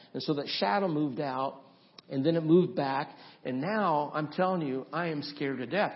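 Man, pastor; storytelling sermon, higher-pitched voice, muffled lo-fi sound. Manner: storytelling, builds up tension then softens to a gentle invitation.

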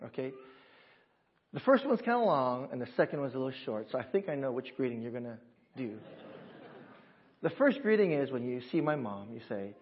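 A man in a church service, a pastor talking with his congregation in a lively, upbeat way and leading them through a greeting. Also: mid-range voice, a little fast, long pauses, dull audio, a little hiss or hum. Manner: warm, upbeat, talks with the congregation and teaches them. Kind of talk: sermon.

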